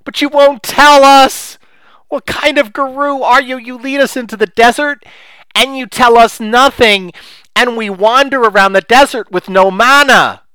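Man doing a whiny pleading listener, exasperated, high-pitched, sharp and dry. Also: fairly even intonation, measured pace, clear, resonant tone, no echo, exaggerated voice, poor audio. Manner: whiny, mock-dramatic, repeating demands.

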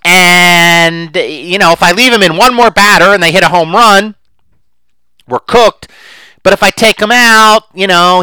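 A man's voice: on the high side, bright, forceful tone, smooth, dry recording, rough recording. A middle-aged man hosting his podcast solo, talking in an emphatic, rambling way that gets more worked up as he goes. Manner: rambling with restarts and asides. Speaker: podcast host. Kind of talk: opinionated solo podcast monologue.

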